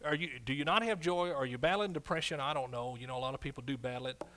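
A man preaching a sermon as pastor, swinging between loud declarations and quiet asides, often calling out for an amen. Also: medium pitch, quick pace.

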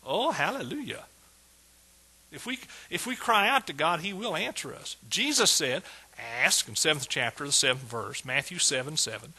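A man preaching a sermon, emphatic, with sudden loud bursts and casual asides to the congregation. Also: on the high side, brisk, few pauses, slightly rough, low-quality recording.

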